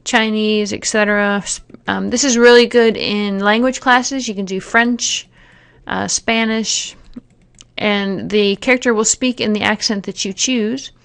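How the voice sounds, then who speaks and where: A woman narrating a software tutorial, explaining each step plainly with occasional fillers. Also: medium pitch, fairly even intonation, a little slow, vocal fry, clear, resonant tone. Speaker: teacher giving a software tutorial. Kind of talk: screen-recorded tutorial narration.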